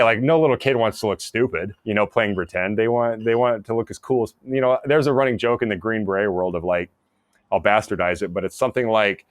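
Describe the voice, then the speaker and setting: A man with a fairly low voice tells stories in a relaxed podcast chat. He talks with animated energy, laughing often and restarting his sentences. The sound is dry and close. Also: fast talker, dry recording. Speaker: actor and former soldier, podcast guest. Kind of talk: casual storytelling interview.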